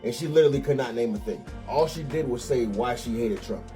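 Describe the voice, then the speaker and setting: A man's voice: mid-range voice, fairly quick, music in the background. A man hosting a casual reaction video, commenting in a laid-back, dismissive way with chuckling asides. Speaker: host reacting to clips.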